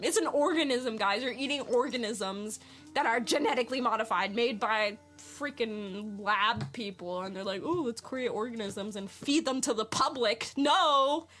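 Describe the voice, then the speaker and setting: A woman's voice: a little high, a bit bright. A woman hosting a spiritual podcast, rambling with lots of fillers and firing questions at her listeners. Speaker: podcast host. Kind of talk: casual spiritual podcast monologue.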